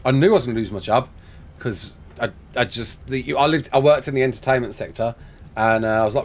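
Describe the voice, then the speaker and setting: A man's voice: mid-range voice, brisk. A young man with an English West Midlands accent, chatting casually on a live game stream. He laughs often and answers chat questions.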